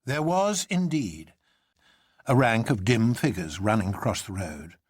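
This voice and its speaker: An expressive storyteller reading a novel aloud, with a lively voice that rises and falls. The sound is dry and close, with no room around it. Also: medium pitch, a little slow, slightly rough, no echo. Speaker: narrator. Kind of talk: scripted narration of a novel.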